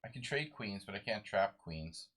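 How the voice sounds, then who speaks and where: Tired low-voiced guy mumbling through a live chess stream, talking to himself. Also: lively intonation, normal speed, fairly bright tone. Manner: muttering moves to himself, mumbly. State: sleep-deprived. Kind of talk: live game commentary.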